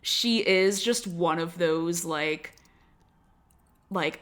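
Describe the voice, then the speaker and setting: A young woman co-hosts a podcast in loose, casual chat. She tells stories, and her sentences are packed with "like." Her voice sits a little on the low side. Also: extremely slow, long pauses, fairly bright tone. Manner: chatty storytelling, heavy on "like" fillers. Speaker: podcast co-host.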